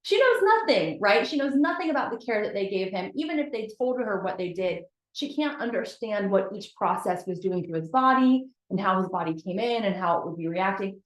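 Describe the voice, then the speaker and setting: A woman's voice: medium pitch, expressive, fairly quick, few pauses. Woman, motivational host, candid, chatty, talks to her viewers, echoey room. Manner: candid, chatty, addresses viewers as "you guys". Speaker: host of a weekly motivational live video. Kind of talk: casual motivational talk to a live audience. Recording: roomy echo.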